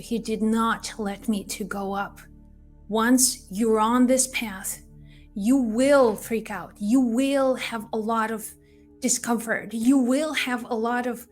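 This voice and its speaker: A woman's voice: a little high, fairly even intonation, takes it slowly, soft background music. A woman giving a spiritual card reading, who tells a personal story in an earnest, reassuring way and repeats phrases often. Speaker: tarot card reader.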